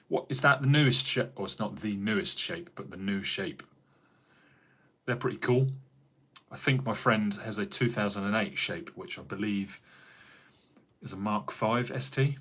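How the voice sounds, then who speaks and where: An English man with a somewhat low voice chats casually on a live stream. He rambles from one thing to the next and answers viewers by name as he works as a carpenter. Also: normal speed, fairly bright tone, husky. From England. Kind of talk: casual livestream chat.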